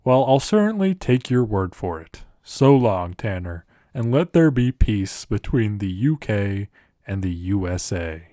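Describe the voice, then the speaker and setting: A man's voice: lowish voice, very animated, unhurried, mellow, dry recording, studio quality. A man voicing a pompous, formal elderly British statesman who talks down to people. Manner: formal and condescending.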